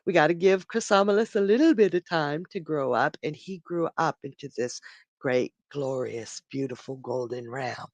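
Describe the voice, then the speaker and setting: Chatty psychic telling old myths on a live stream, gravelly voice, dry close sound. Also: medium pitch, moderate pace, no room sound. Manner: chatty, laughs at own jokes. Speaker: psychic storyteller. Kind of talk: casual live-stream storytelling.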